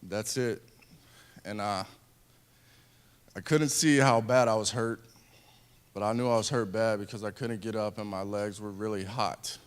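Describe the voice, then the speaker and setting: A man in his thirties, a wounded veteran, giving an earnest personal speech to an audience, speaking haltingly with restarts. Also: on the low side, steady tone, smooth.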